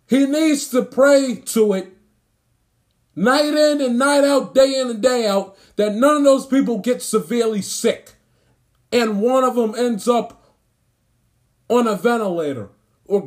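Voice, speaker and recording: A man ranting about sports, indignant and emphatic, hammering his points by repeating phrases. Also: very high-pitched. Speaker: sports commentator. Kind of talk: angry sports rant.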